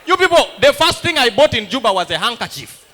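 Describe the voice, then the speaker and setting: Lively, high-voiced comedian. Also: male voice, a little fast, noisy background. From Uganda. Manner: animated storytelling that acts out other people's lines. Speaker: stand-up comedian. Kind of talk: stand-up comedy set.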